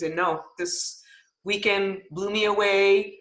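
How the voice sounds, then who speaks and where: A woman's voice: on the low side, fairly even intonation, normal speed, fairly bright tone, echoey room, rough recording. A woman coach sharing her takeaways on a group call, emotional and enthusiastic.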